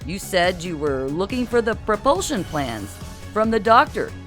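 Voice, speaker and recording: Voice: medium pitch, sing-song, a little slow, a bit bright, faint music behind, voice pushed up. An audiobook narrator voicing a flustered male suburban everyman in his forties, pleading and scrambling. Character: fortyish suburban everyman husband.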